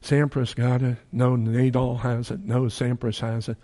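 A man's voice: medium pitch, level tone, measured pace, mellow. A man preaching a sermon in a folksy, joking way, acting out the people in his story with big swings in his voice.

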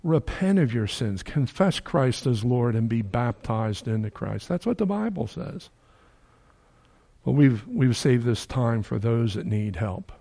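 A man's voice: mid-range voice, sing-song, unhurried, creaky, mellow. An older man from New Jersey preaching a sermon in a conversational way, chuckling now and then and rising to emphatic peaks.

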